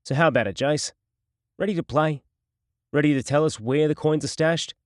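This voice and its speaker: A man's voice: on the high side, normal speed, dry recording, studio quality, pitched above the performer's own voice, natural voice. A man voicing a sadistic male gangster interrogator who taunts and threatens in a mocking, menacing way, from an audiobook. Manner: mocking, menacing, swings to shouting.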